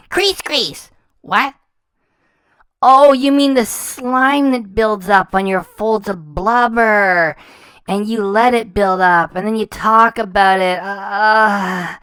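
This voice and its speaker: A woman's voice: mid-range voice, fairly bright tone, smooth, dry recording, low-quality recording. A woman giving a scathing, sarcastic reaction commentary, mocking and swearing, tripping over her words when she gets heated. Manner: mocking, sarcastic and profane, stumbles when worked up.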